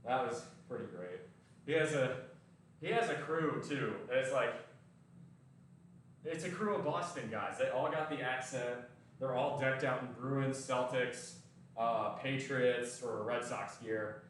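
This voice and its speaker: A man's voice: mid-range voice, a little slow, fairly bright tone, a little hiss or hum. A man with a mild Southern US accent chatting casually and profanely while training at the gym. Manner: rambling, profane, joking. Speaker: lifting vlogger. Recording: very echoey room, from far off.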